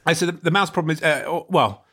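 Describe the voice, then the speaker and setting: A man's voice: fairly high pitch, fast, a bit bright. A man co-hosting a casual podcast chat, rambling with frequent stammered restarts. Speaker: podcast co-host.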